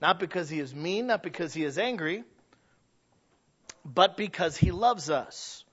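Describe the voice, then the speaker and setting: A pastor preaches in a high-pitched voice, moving between easy conversation and emphatic points. He often restarts his sentences. The recording sounds dull and lo-fi. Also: animated, a little slow, a bit bright, breathy edge. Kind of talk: sermon.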